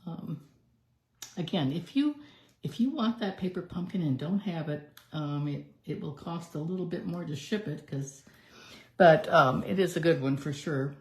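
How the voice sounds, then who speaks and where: Speaking at a normal pace in a low, mellow, animated voice, a woman runs a live card-making demonstration and talks through each step as she works. The recording echoes as if in a roomy space.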